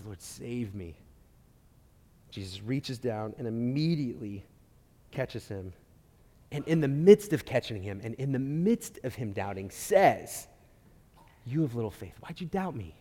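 A man preaching a sermon, telling a story with lively swings between loud emphasis and quiet asides, often restarting his phrases. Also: on the high side. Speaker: pastor. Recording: long hall reverb.

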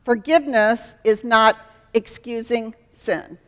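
A woman's voice: on the high side, steady tone, slow, fairly bright tone. Woman preaching in a reverberant hall. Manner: earnest teaching, acts out dialogues. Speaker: Christian speaker and counselor. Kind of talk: sermon.

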